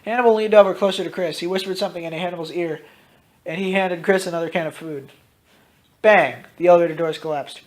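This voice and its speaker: A man casually reading out his own story, dropping into loud voices for its characters. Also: sits high, fast talker. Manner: switches into loud shouted character lines, swears freely.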